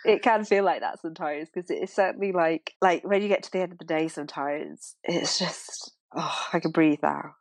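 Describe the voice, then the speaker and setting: Animated young British woman telling a story. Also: low voice, normal speed, few pauses, no room sound. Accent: British English. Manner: animated, acts out quotes, laughs. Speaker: podcast guest. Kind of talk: casual storytelling.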